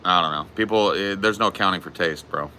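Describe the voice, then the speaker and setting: Laid-back man with a bright voice. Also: sits low, fast, slight background noise. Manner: crude, laid-back, says bro. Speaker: podcast host. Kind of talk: casual chat.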